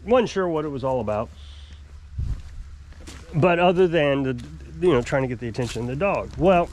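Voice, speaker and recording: A man ranting on a casual vlog, irritated and worked up as he tells the story. His voice is high for a man and jumps around animatedly, with a lot of rise and fall. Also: slight background noise. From United States. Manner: aggravated, ranting storytelling with quoted yelling. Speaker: vlogger, off-grid homesteader.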